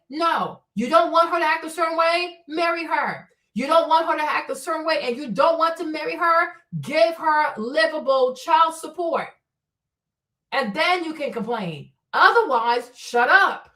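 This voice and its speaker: A woman's voice: sits high, fairly bright tone. A woman hosting a casual live stream chat, blunt and profane, scolding her viewers. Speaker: host. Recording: echoey room, voice from a distance.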